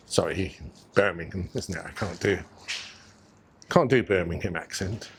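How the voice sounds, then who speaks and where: A man's voice: low-pitched, measured pace, creaky, long pauses, noisy background. Chatty man on a walking tour. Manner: chatty, musing aloud, addresses viewers as guys. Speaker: vlogger. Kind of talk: casual walking-tour commentary. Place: outdoors on city streets. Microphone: clip mic under his coat.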